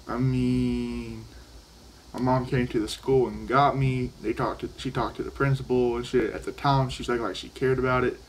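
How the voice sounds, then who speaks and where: A man's voice: mid-range voice, fairly even intonation, moderate pace, slight background noise, poor audio. Rambling, profane teenage boy. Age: teens. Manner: profane, rambling, restarts sentences. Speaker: vlogger. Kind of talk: casual storytelling while vaping.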